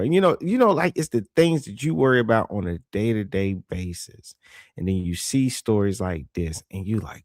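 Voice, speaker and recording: A man giving casual reaction commentary on a news clip, animated and swearing, reading viewer comments aloud. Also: medium pitch, moderate pace, dry recording, clean studio sound.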